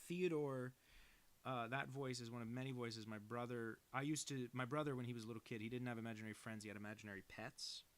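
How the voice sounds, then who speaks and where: A man's voice: medium pitch, fast talker. A young adult man chatting casually and rambling, self-deprecating, while he draws on a stream. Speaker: cartoonist streaming. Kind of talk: casual chat while drawing.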